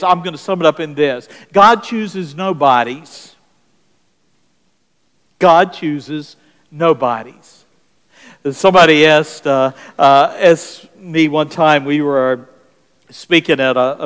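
A man's voice: sits high, big-room sound. A middle-aged man with a Southern US accent, preaching as senior pastor, reading scripture and telling folksy stories. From South Carolina, US. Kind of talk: sermon.

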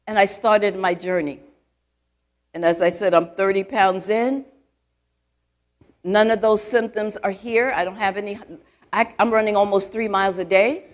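Pausing often, a woman speaks at a moderate pace in a medium-pitched, steady voice while preaching to a live church congregation. As an elder, she keeps the sermon conversational, with plenty of "you know" asides and questions to the crowd.

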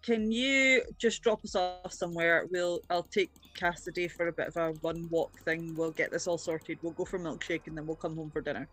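A woman voicing an easygoing teenage girl who calmly takes charge of a stressed friend in a tabletop role-play. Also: fairly low pitch, moderate pace, hardly any pauses, soft background music. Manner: calm, practical, managing.

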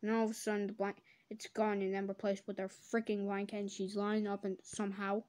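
A woman doing comedic reaction commentary, sarcastic and swearing, breaking into loud silly voices. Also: mid-range voice, monotone, brisk. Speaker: commentator reacting to fan drawings.

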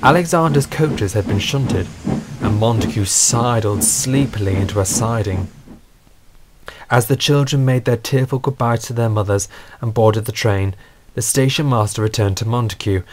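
A man narrating a scripted storybook in a steady, earnest way. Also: medium pitch, moderate pace, a little hiss or hum.

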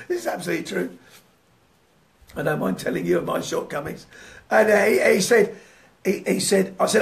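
Male preacher, high and gravelly, fervent and often laughing. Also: brisk, pauses often. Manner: fervent, swinging between loud declarations and hushed prayer; laughs often while telling a story. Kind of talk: sermon with prayer and testimony.

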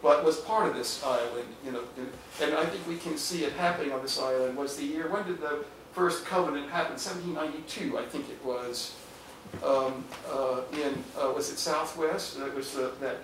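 An older man, a historian, lectures to a room of listeners, stopping and restarting his sentences with many fillers. His voice sits slightly high for a man. He is picked up from far off in an echoey hall, with clear background hiss. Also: moderate pace, fairly bright tone. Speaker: historian giving a public talk. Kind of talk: public lecture with audience questions. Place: hall with an audience. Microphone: far room microphone. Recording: echoey hall, distant mic, noisy.

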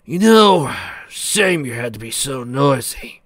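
A man voicing a cold male killer who speaks in a matter-of-fact, unhurried way. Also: medium pitch, big pitch swings, fairly bright tone, no echo, studio quality, full character voice.

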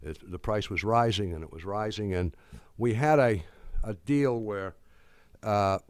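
An older man giving a speech, telling wry stories in a halting way with many restarts and fillers. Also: on the low side, dry recording, clean studio sound. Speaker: speaker. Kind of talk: anecdotal speech.

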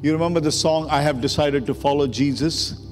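A male pastor tells a story from the pulpit, his voice a touch high and growing urgent. The sermon rings with a long church reverb. Faint music sits underneath. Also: fairly quick. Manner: emotional, rising to urgent preaching. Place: church sanctuary.

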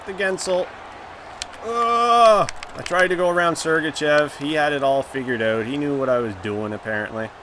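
A man's voice: mid-range voice, steady tone, brisk, hardly any pauses, background noise. A man giving live commentary on his own video game, groaning and exclaiming as the plays go for and against him. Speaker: gaming YouTuber.

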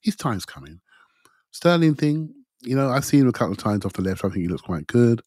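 A man's voice: mid-range voice, very animated, brisk, darkish tone, no echo, studio quality. A middle-aged man, talking football bluntly and emphatically on a podcast. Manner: blunt and emphatic, says mate. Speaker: podcast pundit. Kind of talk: casual football chat.

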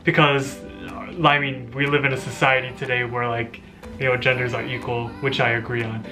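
Bright-voiced young man reacting, laughing. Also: mid-range voice, level tone, normal speed, faint music behind. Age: young adult. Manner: laughing, amused, rambling. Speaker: YouTuber reacting to his old video. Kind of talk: casual reaction commentary.

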